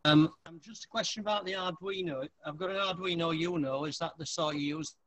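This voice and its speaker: A man asking a quiet, hesitant question over a video call whose audio keeps breaking up. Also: on the high side, fairly quick. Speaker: club member asking a question. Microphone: video call with a breaking-up connection.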